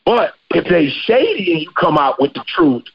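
A man with a fairly high, husky voice hosts a podcast in loose, slangy chat. He tells stories with animation, and the audio sounds dull and lo-fi. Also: moderate pace. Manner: slangy, animated storyteller who acts out quotes. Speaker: podcast host.

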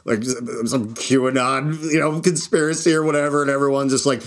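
A man's voice: medium pitch, steady tone, fairly quick. A man hosting his own show, a stand-up comic talking in a casual, rambling monologue, restarting sentences and laughing at his own jokes. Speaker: podcast host and stand-up comic.

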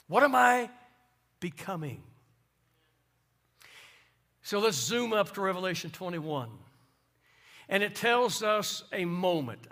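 Preaching to his congregation in a high, bright voice, this man swings between hushed, conversational asides and ringing, emphatic declarations, sounding very much like a pastor.

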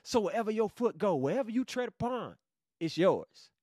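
A man's voice: sits high, sing-song, normal speed, slight background noise. Hyped young man preaching in slang. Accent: Southern US, Georgia. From Savannah, Georgia. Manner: hyped, slangy, bursts into loud exclamations. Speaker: podcast host teaching Bible study. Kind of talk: excited casual Bible teaching.

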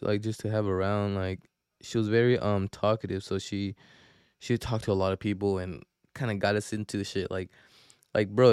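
A young man rambles through a profane, slang-heavy story, often restarting his sentences. His voice sits low, and the recording is dry and close with no room sound. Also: darkish tone, clean tone, no room sound. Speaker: podcast host. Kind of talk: casual storytelling.

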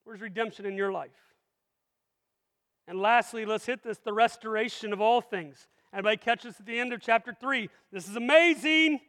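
A pastor preaching a sermon in a church sanctuary, energetic and full of rhetorical questions to the congregation. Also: male voice, high-pitched, fairly quick. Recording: long reverb of a large hall.

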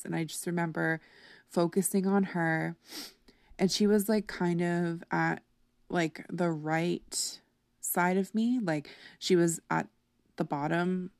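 Slow gravelly-voiced woman telling her story. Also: on the low side, flat delivery, a little mellow, no room sound, clean studio sound. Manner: candid, chatty, many fillers. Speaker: podcast host. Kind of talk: personal storytelling.

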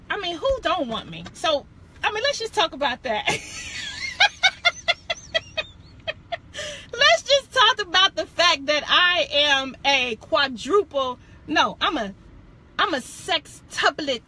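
A woman's voice: high voice, bright, forceful tone, a little hiss or hum. A young woman hosting a podcast, telling a candid faith testimony in a casual chat, laughing often and stopping to correct and backtrack. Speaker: podcast host.

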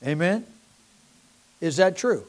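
A man's voice: high-pitched, expressive, takes it slowly. Preacher man calling for amens. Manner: call-and-response, asking the congregation for amens; reads scripture aloud in King James wording. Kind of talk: sermon.

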